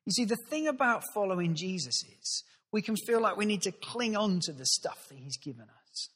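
A male pastor giving a sermon, telling the story with lively acted-out voices. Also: high voice, normal speed, breathy edge, big-room sound. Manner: animated storytelling, acts out voices.

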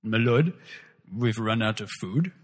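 A man's voice: fairly low pitch, expressive, measured pace, big-room sound, pitched below the performer's own voice. A man doing a stuffy butler with a strange accent. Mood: deferential.

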